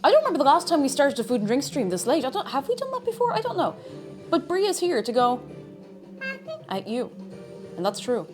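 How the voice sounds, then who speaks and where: Bubbly high-voiced Irish woman streamer. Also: huge pitch swings, a little fast, long pauses, darkish tone, faint music behind. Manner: bubbly, chatty, reads out viewer messages. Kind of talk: casual livestream chat.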